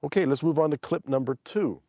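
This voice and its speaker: A middle-aged man hosting a language-lesson podcast, explaining in a relaxed, chatty way. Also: on the high side, a little fast, dry recording, clean studio sound. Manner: relaxed, chatty, prone to restarts. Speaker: podcast host and language teacher. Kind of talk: explanatory teaching chat.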